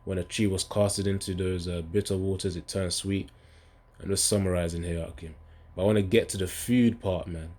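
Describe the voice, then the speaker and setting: A man's voice: sits low, fairly even intonation, brisk, a little mellow. A man giving a casual, rambling scripture talk. He often stops to search for verses and reads them aloud with rising emphasis. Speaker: bible teacher.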